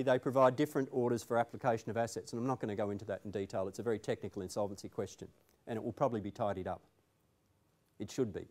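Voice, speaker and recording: A man's voice: mid-range voice, darkish tone. A man presenting a legal seminar to an audience in a room, talking conversationally with emphatic asides.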